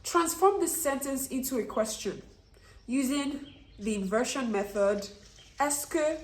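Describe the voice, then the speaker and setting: A woman's voice: high voice, animated, measured pace, reverberant, slight background noise. A woman teaching French online, who puts questions to her learners and then answers them herself. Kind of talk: online language lesson.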